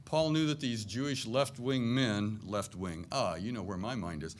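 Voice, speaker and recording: A man's voice: lowish voice, normal speed. A middle-aged man preaching a sermon to a congregation in a church, conversational and self-deprecating, with jokey asides. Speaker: pastor.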